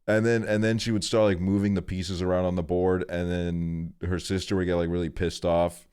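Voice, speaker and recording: A man's voice: sits low, little pitch movement, moderate pace, darkish tone, clean tone. A young man streaming, telling a rambling story in a laid-back way and swearing often.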